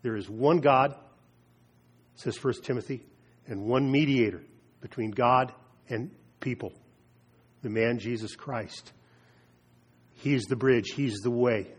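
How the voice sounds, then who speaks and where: A man delivers a sermon in a husky, mid-pitched voice. He preaches with slow, emphatic phrasing and lets key words hang in deliberate pauses. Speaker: pastor.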